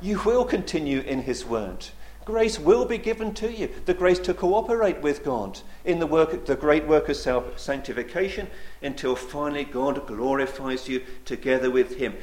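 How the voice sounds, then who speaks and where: A man preaching a sermon, with a slightly higher voice than most men. He builds to loud, emphatic declarations and then sinks to hushed, slow endings. The sound is roomy and echoey. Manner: emphatic, rising to loud declarations and dropping to quiet.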